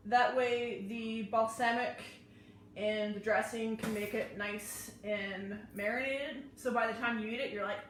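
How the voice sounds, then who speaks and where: A woman's voice: fairly high pitch, fairly even intonation, unhurried, noisy background. A woman hosting a live cooking class, chatting her way through each step as she chops and prepares food in a kitchen. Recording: very echoey room, mic far off.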